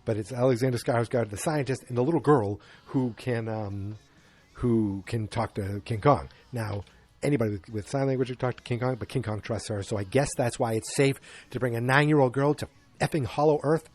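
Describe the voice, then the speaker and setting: A man's voice: mid-range voice, brisk, a little mellow. A male podcast host walks through a film plot in a loose, rambling way. He drops in sarcastic jokes and admits what he doesn't understand. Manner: rambling, sarcastic, self-deprecating asides. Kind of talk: casual movie recap.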